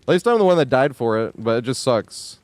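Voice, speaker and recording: A man's voice: mid-range voice, very animated, a little fast, no echo. Exasperated swearing man on a dry mic. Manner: exasperated ranting with frequent swearing; yells at the screen in bursts. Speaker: game streamer. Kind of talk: live gameplay commentary.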